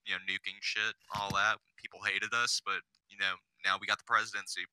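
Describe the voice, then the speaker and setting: A man's voice: on the low side, flat delivery, fairly quick, sharp tone, slight background noise, low-quality recording. A man on a casual podcast, telling a long story full of "you know" fillers and swearing. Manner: rambling, profane storytelling with many fillers. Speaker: podcast guest.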